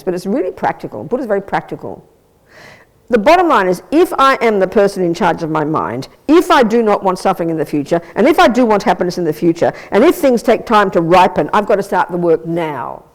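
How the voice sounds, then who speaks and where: A woman teaching as a Buddhist nun, giving a blunt, lively, conversational dharma talk and answering questions from her listeners. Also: medium pitch. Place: Buddhist centre teaching room.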